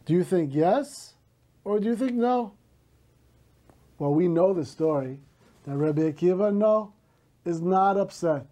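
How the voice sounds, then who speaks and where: A male teacher slowly reading a story aloud to a class, stopping to gloss words in Hebrew. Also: high-pitched, expressive, dark tone.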